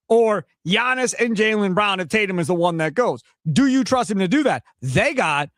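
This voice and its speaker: A man hosting a sports radio talk show, animated and opinionated, sometimes mimicking others for effect. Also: high-pitched, dry recording, studio quality. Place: radio studio.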